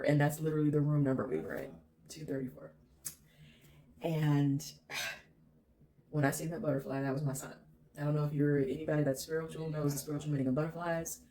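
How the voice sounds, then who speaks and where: A woman's voice: low voice, mellow. A woman vlogger telling a personal story in an emphatic, candid way, swearing freely.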